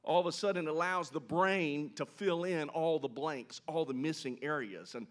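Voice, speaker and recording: A man preaching a sermon, telling a scripture story with animated delivery and asking his listeners questions. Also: on the high side, normal speed. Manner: animated storytelling, voices quoted characters, asks the congregation questions. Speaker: pastor.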